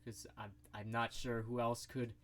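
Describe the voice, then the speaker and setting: Young dude cohost, average pitch, laid back, stumbles a bit when he talks. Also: flat delivery, normal speed, a bit bright. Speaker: podcast co-host. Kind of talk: casual chat.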